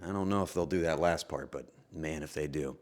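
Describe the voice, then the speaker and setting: A man streaming casually from home, talking to his chat in an emotional, halting way and breaking into sudden excited outbursts. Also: a bass voice. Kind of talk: casual livestream chat to viewers.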